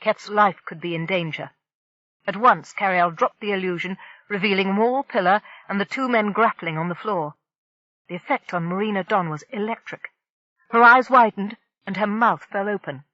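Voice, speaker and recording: A woman narrating a science fiction audiobook in a steady, dramatic reading style. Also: medium pitch, normal speed, dry recording, lo-fi sound. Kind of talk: scripted narration.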